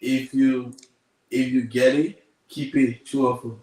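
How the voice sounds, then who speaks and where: A man's voice: mid-range voice, level tone, slow pace, a little mellow. A man hosting a live interview who asks questions and repeats them to make sure they land. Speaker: interview host. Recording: very echoey room.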